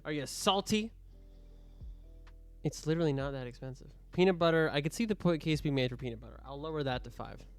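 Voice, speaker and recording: A man's voice: on the high side, fairly quick, dry recording. A young man casually commenting while streaming a game, joking and mock-scolding the customers, with faint music behind him.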